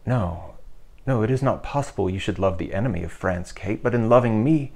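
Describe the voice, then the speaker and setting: A man's voice: on the low side, fairly quick, darkish tone. An actor playing an earnest, plain-spoken soldier-king, wooing in Shakespearean verse. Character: King Henry of England, bold soldier-king wooing. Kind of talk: Shakespearean stage acting.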